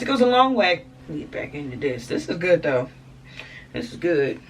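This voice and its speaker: A woman reacts to a video in casual, emphatic chat, speaking straight to her viewers. Her pitch swings widely as she talks. She sounds set back from the microphone. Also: very animated, moderate pace, recorded from a distance, slight background noise. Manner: chatty and emphatic, addressing viewers.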